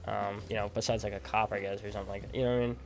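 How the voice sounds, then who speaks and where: A young man streaming a game, telling a long story in a rambling, animated way with lots of fillers and restarts. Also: fairly low pitch, rapid-fire, creaky, soft background music. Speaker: gaming streamer. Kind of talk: casual storytelling over gameplay. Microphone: desk microphone at a gaming setup.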